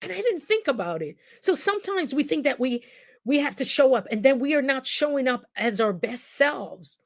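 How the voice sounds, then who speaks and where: Animated woman chatting on a livestream. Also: sits high, moderate pace. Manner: animated, laughs often, speaks straight to viewers. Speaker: host; nurse and coach. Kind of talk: casual livestream talk to viewers. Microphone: computer mic on a live stream.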